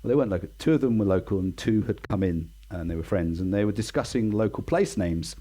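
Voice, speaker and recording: A man's voice: lowish voice, animated, quick pace, warm tone, breathy edge. A man in his sixties with an English accent, a guest in a casual interview, telling stories in a chatty, self-deprecating way and acting out the people he quotes. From England. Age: 60s.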